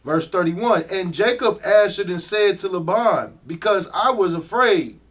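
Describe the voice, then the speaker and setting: A man's voice: high voice, lively intonation, a bit bright. A man in a class reading old-style English scripture aloud with care. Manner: careful, unhurried reading. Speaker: student reader.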